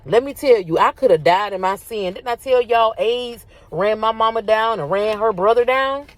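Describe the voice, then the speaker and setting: A woman, talking casually about faith to her viewers, animated and repetitive, calling them y'all. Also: on the high side, normal speed, no room sound. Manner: animated, repeats herself, addresses viewers as y'all. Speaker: faith video host. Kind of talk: casual spiritual talk to viewers.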